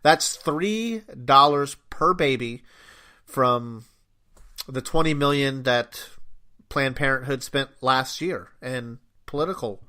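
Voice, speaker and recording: A man's voice: medium pitch, slow pace, pushed and bright. A man co-hosting a talk radio show, speaking bluntly with hesitant starts. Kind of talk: casual talk radio commentary.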